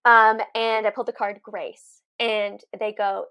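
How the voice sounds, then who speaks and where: A chatty woman co-hosting a podcast. She rambles through her thoughts in a friendly, casual way, and her voice sits a little high. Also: flat delivery, unhurried, hardly any pauses, sharp tone, smooth. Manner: chatty, many fillers and restarts, laughs often. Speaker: podcast co-host, medium. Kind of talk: casual chat.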